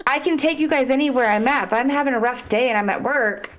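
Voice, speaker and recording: A woman's voice: high voice, quick pace. A woman guest on a podcast, talking in a heartfelt, rambling way in casual interview chat.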